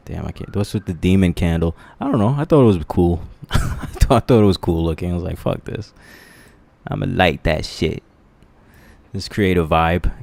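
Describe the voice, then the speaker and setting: Deep-voiced crude male streamer. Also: gravelly, a little mellow. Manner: crude, rambling, laughing at his own jokes. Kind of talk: casual livestream commentary. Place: dark room lit by candles.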